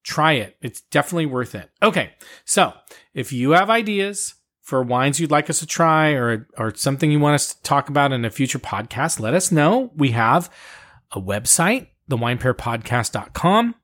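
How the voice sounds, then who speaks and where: A man's voice: mid-range voice, expressive, moderate pace, a bit bright. A middle-aged man co-hosting a podcast in casual chat, rambling and joking with plenty of fillers. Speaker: podcast co-host.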